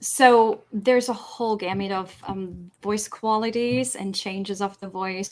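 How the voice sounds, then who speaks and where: Woman voice expert explaining clearly. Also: medium pitch, fairly even intonation, unhurried, hardly any pauses, darkish tone, slight background noise. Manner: clear teacherly explaining, demonstrates voice qualities. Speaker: speech-language pathologist guest. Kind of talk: explanatory interview answers.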